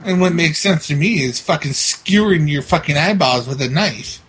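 A man's voice: fairly high pitch, normal speed, a bit bright, a little hiss or hum. A man hosting a prank-call show, telling stories casually, laughing and cursing a lot, on a computer mic. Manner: profane, laughing storyteller. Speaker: podcast host. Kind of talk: casual chat, prank calling.

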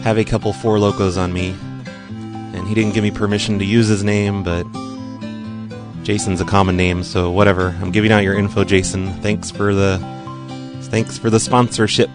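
An American man hosting a call-in show, talking in a low voice with a relaxed, offhand ramble. Guitar music plays clearly under him throughout. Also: normal speed. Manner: laid-back, rambling, offhand. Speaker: host of a phone prank show. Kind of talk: casual radio show talk.

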